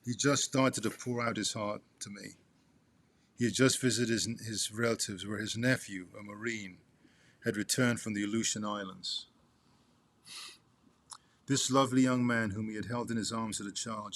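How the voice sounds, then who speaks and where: Man reading a memoir aloud, halting. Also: on the low side, fairly even intonation, fairly bright tone. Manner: halting, restarts and talks to the listener as "you". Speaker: son reading aloud to his father.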